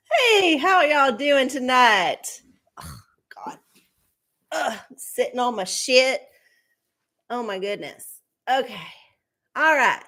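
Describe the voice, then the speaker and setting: A woman's voice: fairly high pitch, fairly bright tone. Chatty, cussing woman streamer. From Texas. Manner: chatty, swears freely, laughs often. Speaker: host of a live tarot and oracle stream. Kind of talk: casual live-stream chat. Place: home streaming setup with studio lights.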